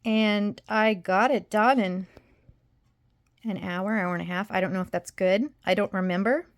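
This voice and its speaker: A woman's voice: mid-range voice, fairly even intonation, unhurried. A young adult woman vlogging casually to her viewers, rambling and emotional as she drifts between topics. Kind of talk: casual chat to camera.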